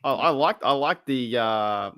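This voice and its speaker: A man's voice: medium pitch, expressive, unhurried, a bit bright, clean tone, no room sound, studio quality. A man with an Australian accent hosting a podcast in loose, rambling casual chat, full of restarts. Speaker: podcast host.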